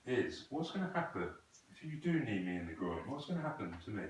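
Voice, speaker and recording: Male self-defense coach, lowish voice, patient and corrective, recorded from across an echoing training hall. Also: sing-song, brisk, hardly any pauses. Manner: patient, corrective, asks the student questions. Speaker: krav maga instructor. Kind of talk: coaching a student in a class. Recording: echoey room, voice from a distance.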